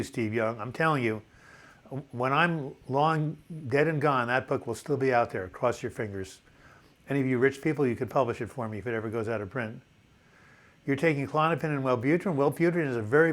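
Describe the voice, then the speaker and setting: In his seventies, a man with a mid-range voice hosts a laid-back live video chat, reading comments from viewers aloud. His answers are enthusiastic and talkative, with frequent restarted words.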